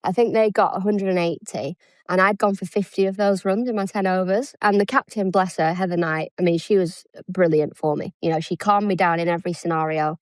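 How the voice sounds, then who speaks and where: A woman's voice: lowish voice, fairly quick, no room sound. A woman in her thirties from England, a former cricketer chatting as an interview guest, self-deprecating and acting out the dialogue she quotes. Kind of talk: casual interview chat.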